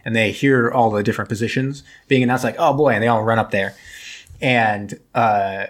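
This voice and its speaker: Brief: young male podcast co-host, husky and a bit breathy, loose rambling recap, jokes around. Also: on the low side, normal speed. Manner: rambling, jokey, acts out characters' lines. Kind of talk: casual chat recapping a movie.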